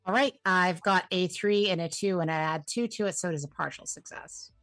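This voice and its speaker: A woman's voice: on the low side, a little fast, fairly bright tone, no room sound, soft background music. A woman playing a tabletop game, casual and upbeat, often laughing. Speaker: player.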